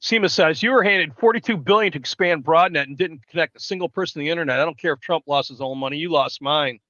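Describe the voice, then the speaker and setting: A man's voice: fairly high pitch, fast talker, bright, forceful tone, no room sound. A man, hosting a live stream and telling rambling stories, swearing constantly. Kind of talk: profane casual storytelling chat. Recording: dull lo-fi dry sound.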